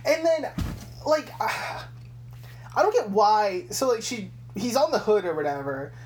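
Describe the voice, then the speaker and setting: A woman's voice: medium pitch, sing-song, a little slow, darkish tone. A young woman co-hosting a podcast, casually recapping a movie scene by scene, swearing freely and acting out characters' lines. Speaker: podcast co-host. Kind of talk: casual film recap chat.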